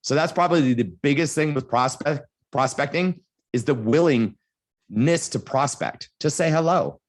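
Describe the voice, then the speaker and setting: A man on a panel giving advice as a motivational speaker, telling lively stories and acting out little scenes. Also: on the high side, unhurried. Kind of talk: storytelling advice.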